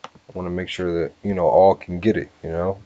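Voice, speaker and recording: Deep-voiced man teaching scripture casually. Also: flat delivery, dark tone, no echo, lo-fi sound. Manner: casual, repeats "all right" and "you know", sounds words out slowly. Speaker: bible teacher. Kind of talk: scripture lesson with word-by-word breakdown.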